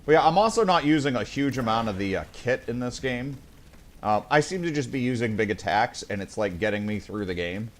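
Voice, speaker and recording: A man's voice: medium pitch, lively intonation, fairly quick, slight background noise. A man casually commenting on his own gameplay, chatting with viewers and muttering to himself, swearing when things go wrong. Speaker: gaming streamer.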